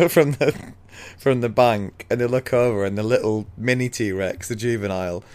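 A man co-hosting a casual chat, calmly retelling a story's events and laughing often. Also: medium pitch, moderate pace. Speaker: podcast co-host.

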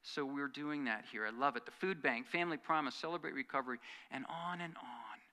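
A man preaching a sermon as pastor, earnest, swinging from loud emphatic lines to quiet, hushed asides. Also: mid-range voice, a little fast.

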